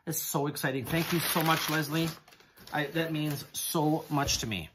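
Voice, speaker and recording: A man talks to his camera at home as he unpacks gifts, gushing over each one in an exclamatory way. His excitement carries through every line, with frequent gasps of amazement. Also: fairly high pitch, normal speed, noisy background. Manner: gushing, exclamatory, keeps repeating "oh my goodness". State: excited, hands shaking. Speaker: haul vlogger. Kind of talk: casual unboxing chat to camera.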